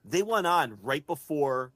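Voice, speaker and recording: A man co-hosting a podcast in casual chat, talking excitedly, swearing freely and building an argument point by point. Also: a little high, measured pace, no room sound. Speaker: podcast co-host.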